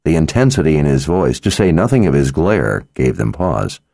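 A man narrating an audiobook in a measured, steady manner. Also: rumbling low, creaky, no room sound, clean studio sound.

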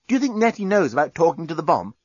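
A man reading a story aloud and voicing an excitable, lusty alien male journalist in a high, eager voice. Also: quick pace, no echo, muffled recording.

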